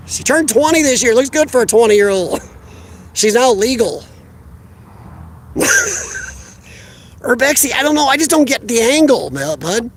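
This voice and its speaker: A man's voice: sits high, a little hiss or hum. A man chatting casually outdoors during a phone live stream, rambling and answering viewers' comments. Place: outdoors by a parked car.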